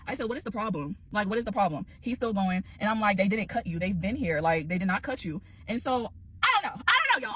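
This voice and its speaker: Fast, animated woman telling a storytime. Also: mid-range voice, husky, rough recording. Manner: animated, exclaiming, talks to viewers as y'all.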